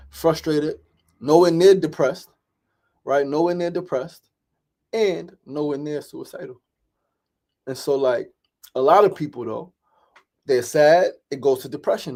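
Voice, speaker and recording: A man's voice: a little high, warm tone. A middle-aged man hosting a daily talk show, speaking casually and openly, swearing often, repeating phrases and checking in with "right?".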